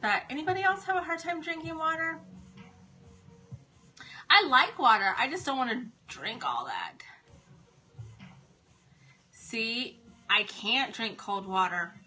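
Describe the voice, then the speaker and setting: A woman's voice: high voice, big pitch swings, a little slow, long pauses, bright, forceful tone, slightly rough. A woman hosting a casual live stream from home, chatting and greeting viewers by name. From Ohio.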